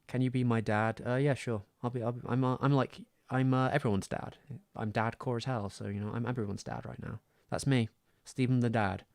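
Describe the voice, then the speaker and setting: A man's voice: medium pitch, fairly even intonation, fairly quick, vocal fry, hardly any pauses, darkish tone, dry recording. A young English man from the Southwest with a West Country accent, rambling and self-deprecating in casual livestream chat on a close mic. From Southwest England. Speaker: streamer.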